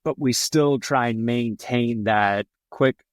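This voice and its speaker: A man at a middling pitch tells company history in a loose, chatty style. His speech wanders with frequent fillers and restarts. The recording is dry and close, with no room sound. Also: takes it slowly, clean tone, no echo. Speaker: company representative on a podcast. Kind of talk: casual storytelling.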